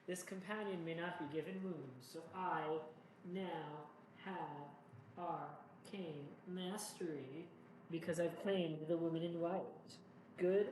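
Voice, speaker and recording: A man's voice: fairly high pitch, fairly even intonation, slow pace, darkish tone. A man talking through a solo board game playthrough, chatty and rambling, with jokey asides to himself. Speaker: board game player and host. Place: home room. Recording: echoey room with faint noise.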